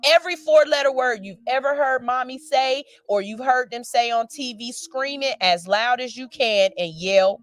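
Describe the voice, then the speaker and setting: A woman's voice: sits high, a bit bright. A woman, co-hosting a morning radio show in frank, emphatic casual talk, swearing freely into a studio mic.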